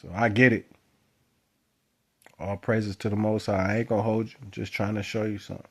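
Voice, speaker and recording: A man giving a spiritual monologue to his viewers, moving from quiet musing to loud, emphatic exhortation. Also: lowish voice, flat delivery, a little fast, creaky. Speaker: spiritual vlogger. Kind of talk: preaching monologue to camera.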